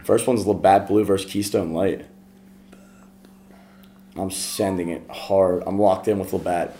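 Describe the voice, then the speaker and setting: A man's voice: low-pitched, fairly even intonation, a little slow, warm tone, a little hiss or hum. A man from Pittsburgh hosting a casual podcast, rambling and stumbling over his words. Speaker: podcast host running the bracket. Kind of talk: casual chat.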